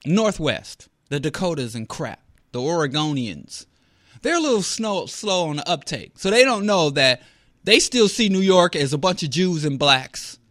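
A man's voice: on the high side, sharp tone, no echo, clean studio sound. A man giving a rambling, sarcastic commentary monologue as a podcast host.

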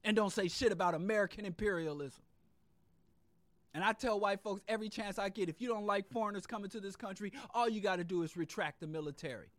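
Male host, very high pitch, dry recording; fiery, profane monologue that builds in repeated lists and drops to low asides. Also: fast, no room sound. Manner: swings between loud outbursts and low muttered asides. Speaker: podcast host. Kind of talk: impassioned political monologue.

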